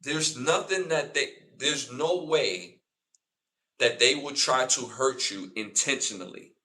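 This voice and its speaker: Animated male podcast host, bright voice. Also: medium pitch, takes it slowly, far from the mic. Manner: animated, repeats himself, acts out arguments in raised voice. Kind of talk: casual live-stream commentary.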